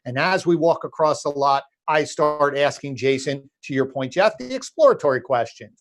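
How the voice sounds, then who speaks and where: A man co-hosting a casual talk about car sales, lively and anecdotal, acting out conversations with customers. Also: a little high, fairly quick. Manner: animated storyteller, acts out dialogues with customers. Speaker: co-host. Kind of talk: casual podcast discussion.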